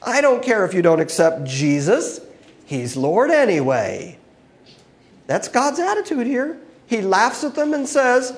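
A man teaching a Bible passage as a sermon, expressive, swinging between loud emphasis and hushed asides. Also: high voice, normal speed.

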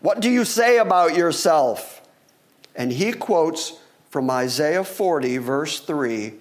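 A man's voice: fairly high pitch, slow. A man preaching a sermon, teaching from scripture and acting out the voices of the people in the story. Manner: animated, acts out voices of questioners. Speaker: pastor.

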